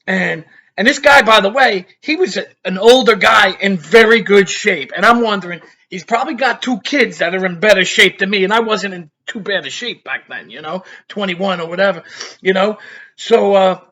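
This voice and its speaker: A man spins a rambling story from his own life. His voice sits high and sounds bright and forward. He keeps tossing in "you know" and chuckling between sentences. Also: normal speed. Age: 50s. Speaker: vlogger.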